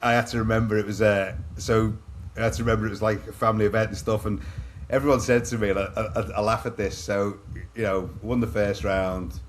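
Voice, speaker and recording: A man in his forties from England with a Liverpool accent, telling stories as a podcast guest, animated and full of restarts. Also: on the low side, brisk, a little hiss or hum. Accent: Liverpool English. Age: 40s. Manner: animated, restarts often, says mate a lot. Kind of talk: casual storytelling.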